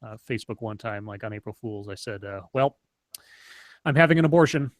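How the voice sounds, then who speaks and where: A man hosting a casual stream chat, telling stories in a rambling way with many halting restarts. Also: on the low side, lively intonation. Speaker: stream host.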